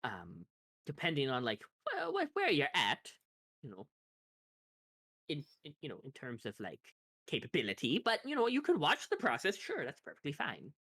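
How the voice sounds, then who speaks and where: A woman's voice: sits low, wildly swooping pitch, moderate pace, a bit bright, breathy edge, dry recording, clean studio sound, pitched below the performer's own voice, heavily acted. A woman voicing an eccentric female wizard shopkeeper who rambles and hesitates, then turns grandiose. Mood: rambling.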